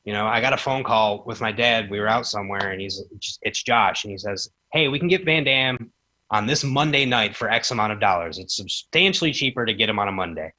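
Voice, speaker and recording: Man, 30s, podcast guest: bright voice, animated storyteller who acts out the quotes. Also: fairly low pitch, quick pace, hardly any pauses. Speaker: podcast guest, former wrestling promoter. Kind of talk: casual storytelling chat.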